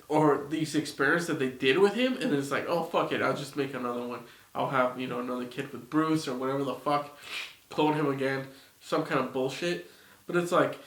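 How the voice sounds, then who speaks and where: A man's voice: on the high side, fairly bright tone. A man giving a casual, rambling opinion rant, swearing often and sounding exasperated. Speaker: video reviewer. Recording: roomy echo, off-mic.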